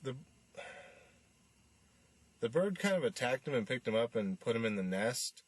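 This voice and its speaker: A man's voice: medium pitch, sing-song, moderate pace, no echo. A man hosting a podcast, recapping a film in a casual, rambling way with lots of fillers and restarts. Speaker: podcast host reviewing a film.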